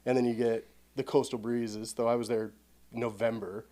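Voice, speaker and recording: A man's voice: medium pitch, flat delivery, normal speed, warm tone. A man as a podcast guest, laid-back in casual chat and adding short reactions.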